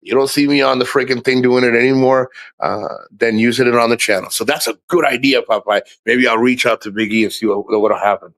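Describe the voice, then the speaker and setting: A man's voice: mid-range voice, steady tone, fairly bright tone, no echo. A man hosting a livestream, rambling in casual chat, swearing often and restarting his sentences. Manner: rambling, profane, halting restarts. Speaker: livestream host.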